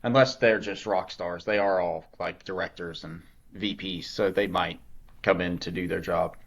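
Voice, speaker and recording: A man's voice: low voice, fairly even intonation, normal speed. A man co-hosting a podcast in casual, rambling chat, swearing now and then. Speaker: podcast co-host.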